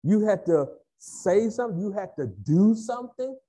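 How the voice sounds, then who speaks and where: Male pastor, high voice, animated swings; AAVE; emphatic, repetitive sermon delivery. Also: normal speed, breathy edge.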